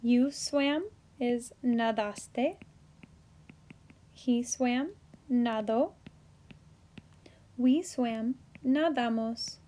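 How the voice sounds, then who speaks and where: Woman teacher, high voice, slow and careful, goofy little asides, recorded lesson. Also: mellow. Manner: playful, self-correcting, jokey asides; slow, careful spelling out of endings. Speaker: Spanish teacher.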